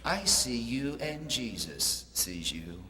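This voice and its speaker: A man doing a hushed, eerie talking parrot. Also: big pitch swings, exaggerated voice. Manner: slow, low and hushed, then loud and sharp. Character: talking parrot watching from a dark corner. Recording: echoey hall over a PA.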